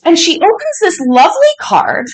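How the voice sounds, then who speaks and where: A woman vlogging from home as she unboxes fan mail, gushing and quick to laugh. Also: very high-pitched, very animated. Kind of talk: casual unboxing chat.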